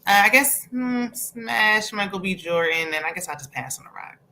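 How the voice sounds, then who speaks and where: A woman's voice: medium pitch, animated, moderate pace, pushed and bright, a little hiss or hum. A woman joining a casual live-stream chat remotely, speaking in an offhand, unimpressed way. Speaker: remote guest.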